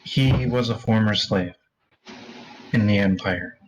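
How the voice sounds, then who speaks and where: Slow-talking man running a tabletop game. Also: on the low side, rough recording. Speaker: game master.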